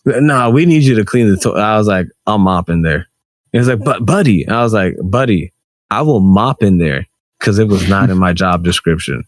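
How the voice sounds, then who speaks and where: A man's voice: normal speed, no echo, studio quality. A man co-hosting a casual podcast, telling stories and acting out other people's lines. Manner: animated storytelling, acts out quotes with high squeals. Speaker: podcast co-host. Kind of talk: casual argumentative chat.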